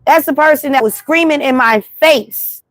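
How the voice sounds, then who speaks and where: Brief: high-pitched New York woman, blunt livestream host, dry close sound. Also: moderate pace, no room sound. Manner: animated, blunt, repetitive storytelling. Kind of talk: casual livestream monologue. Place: city street at night.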